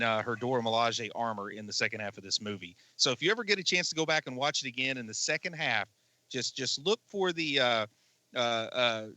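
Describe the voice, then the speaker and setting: A man co-hosting a movie podcast, chatting casually and voicing strong, animated opinions. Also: medium pitch. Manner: animated, opinionated, quick jokes. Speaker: podcast co-host.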